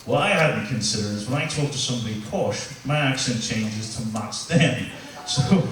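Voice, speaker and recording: Northern Irish man doing crude stand-up, far from the mic, in a booming room with crowd noise behind him. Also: normal speed, fairly bright tone. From Northern Ireland. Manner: crude, crowd-teasing banter. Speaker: stand-up comedian. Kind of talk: live stand-up set. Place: comedy club stage. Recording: echoey venue, mic heard from afar, room noise.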